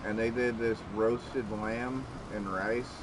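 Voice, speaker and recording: A man's voice: lowish voice, steady tone, slow, background noise. A man in casual gaming chat, talkative, laughing easily and griping.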